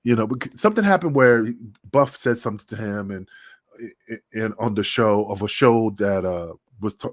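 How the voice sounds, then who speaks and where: A man's voice: lowish voice, moderate pace, no room sound, studio quality. Profane middle-aged man spinning stories. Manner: profane, rambling storyteller who often acts out quotes. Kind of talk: casual podcast chat.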